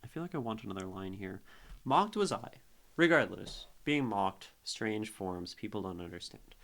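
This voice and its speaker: A man's voice: lowish voice, lively intonation, moderate pace, creaky, fairly bright tone. A young man streaming live, casually talking through a poem and reacting to chat, thinking aloud at a desk mic. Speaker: streamer critiquing poetry.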